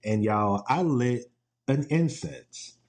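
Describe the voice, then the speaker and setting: A man's voice: mid-range voice, lively intonation, slow, darkish tone. Playful man, solo podcast chat. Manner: playful, laughs often, quotes TV clips in put-on voices. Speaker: podcast host. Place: home.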